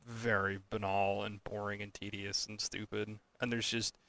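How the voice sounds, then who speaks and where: Young man, bright tense voice, dry close sound, swearing, exasperated casual rant. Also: lowish voice, level tone, moderate pace, gravelly, dry recording. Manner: swears a lot, ranting with exasperated outbursts. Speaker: podcast co-host. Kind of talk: casual chat.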